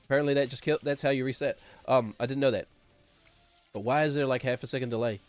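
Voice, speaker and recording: A man's voice: medium pitch, fairly even intonation, quick pace, faint music behind. A man streaming a game, rambling and sarcastic, chuckling as he talks. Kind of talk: casual gameplay commentary.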